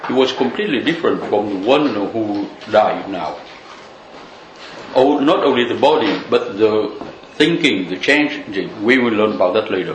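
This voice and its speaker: Brief: male Buddhist teacher, casual talky delivery, echoey room. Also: mid-range voice. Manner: loose, conversational, many "you know" fillers. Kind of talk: dharma talk. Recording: echoey room with faint noise.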